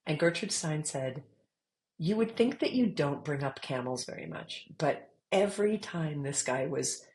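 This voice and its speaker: A middle-aged woman, an author being interviewed, telling stories in a lively, laughing way that jumps high when she gets worked up. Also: a little slow, rough recording. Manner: animated, laughing storyteller, squeals when retelling. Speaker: author guest. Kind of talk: casual storytelling interview.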